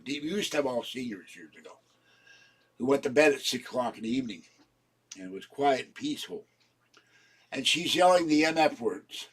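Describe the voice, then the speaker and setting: At home indoors, a male vlogger delivers a rambling monologue, ranting and frequently breaking into laughter. His voice is medium-pitched and husky.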